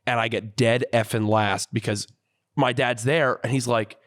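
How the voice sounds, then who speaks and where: Young male co-host, animated casual storyteller, mid-range voice. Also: mid-range voice, normal speed. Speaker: podcast co-host. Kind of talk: casual podcast chat, storytelling.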